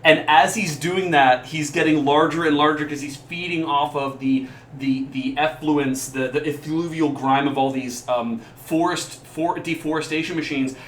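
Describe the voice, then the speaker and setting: A man's voice: a little high, steady tone, normal speed, hardly any pauses, echoey room, a little hiss or hum. A man co-hosting a casual podcast, talking enthusiastically and rambling between points. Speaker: podcast co-host. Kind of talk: casual chat.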